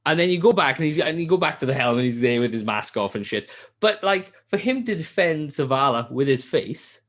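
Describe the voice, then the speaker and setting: A man hosting a podcast, telling a game's story in casual chat, swearing often and mimicking characters. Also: fairly quick. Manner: animated storytelling, heavy swearing; acts out character lines in a high voice. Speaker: podcast host.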